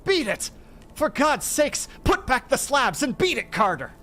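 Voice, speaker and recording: A man voicing a panicked young man trapped underground, shouting frantically and breaking into shrieks. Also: high voice, animated, slow, faint music behind, pitched above the performer's own voice, exaggerated voice.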